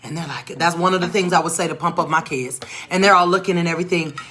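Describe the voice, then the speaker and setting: A woman educator telling a classroom story in an animated, expressive way, acting out the voices of the people in it. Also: on the low side, fast. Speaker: educator and tutor. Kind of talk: storytelling teaching talk.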